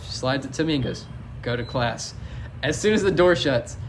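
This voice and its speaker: A man's voice: fairly high pitch, quick pace, a little hiss or hum. A young man co-hosting a podcast, telling a crude story among friends and laughing through it. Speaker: podcast co-host.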